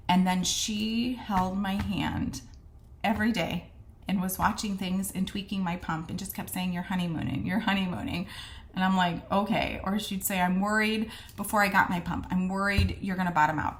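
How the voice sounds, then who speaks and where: A woman's voice: medium pitch, normal speed, a little hiss or hum. A woman casually telling a personal story to camera, chatty and earnest, acting out the conversations she quotes. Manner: frequent fillers and restarts, earnest. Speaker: vlogger sharing a personal health story.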